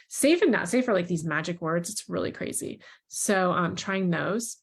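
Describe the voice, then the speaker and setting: A woman, a mother and parenting creator, giving casual advice in a calm, reassuring way and modeling gentle phrases to say to children, with frequent ums. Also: lowish voice, normal speed, vocal fry, breathy edge. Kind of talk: casual advice talk with role-played parent lines.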